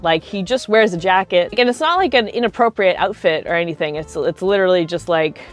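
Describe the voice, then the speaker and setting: A woman's voice: fairly low pitch, fairly quick, soft background music. Chatty young woman telling stories. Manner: chatty, lots of likes and you-knows. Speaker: cosplay video creator. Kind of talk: casual storytelling to camera.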